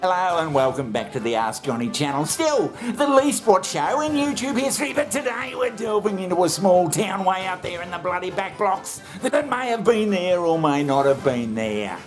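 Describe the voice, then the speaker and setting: A man's voice: high voice, animated, moderate pace, hardly any pauses, soft background music. Swearing man, rambling comic host. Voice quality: crude, swearing, laughing at own jokes. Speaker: comedy show host. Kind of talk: comic monologue, bantering with himself.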